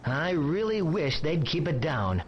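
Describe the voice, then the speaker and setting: A sing-song grumbling harbor local. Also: male voice, fairly high pitch, big pitch swings, a little slow. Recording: dull lo-fi game audio.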